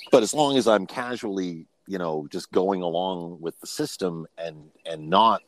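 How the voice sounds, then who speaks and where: A man's voice: low-pitched, slow, a little hiss or hum. A man in his fifties, a podcast guest, telling personal stories in a frank, rambling way and often restarting his sentences. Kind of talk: personal storytelling in casual conversation.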